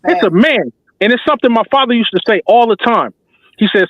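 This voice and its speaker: A man's voice: very high voice, animated, fast talker, dry recording. A man giving passionate, slangy basketball fan commentary as a talk show host, emphatic and repetitive like a preacher. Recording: tinny phone-like dry sound.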